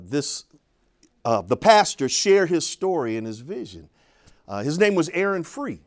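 Older male speaker, somewhat high voice, lively storyteller who restarts his sentences. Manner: animated storyteller, frequent restarts and repeated words. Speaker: urban ministry teacher. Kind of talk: storytelling talk to an audience.

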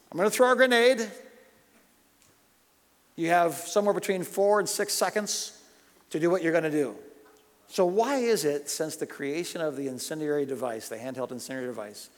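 Impassioned preacher in a reverberant hall. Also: male voice, a little high. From United States. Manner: impassioned, swinging from loud urgent questions to hushed storytelling. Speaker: pastor. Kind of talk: sermon.

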